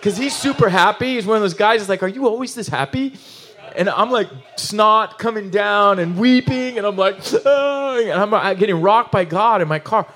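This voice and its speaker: A man preaching a sermon in an animated, emotional, conversational way, full of asides and restarts. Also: sits high, normal speed, few pauses. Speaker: pastor.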